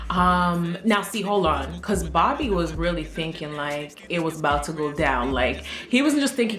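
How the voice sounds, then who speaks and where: A young woman vlogger telling a storytime tale in a chatty, animated way, often laughing and acting out what people said. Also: on the low side, measured pace. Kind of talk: casual storytime. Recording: roomy room, faint music.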